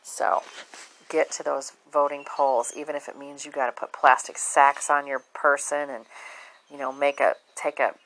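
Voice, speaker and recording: A woman speaking in a low, deep voice. She talks to her viewers in a blunt, outspoken way, swearing freely and not holding back. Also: fairly even intonation, moderate pace, fairly bright tone, low-quality recording. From southern United States. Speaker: vlogger. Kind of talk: casual monologue to camera.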